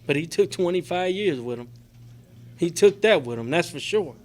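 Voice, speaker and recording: A man's voice: a little high, animated, moderate pace, a little mellow. A middle-aged man giving an emotional, profane personal testimony to a recovery group, rambling and filling with "man" and "you know". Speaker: recovery convention speaker. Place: convention meeting room.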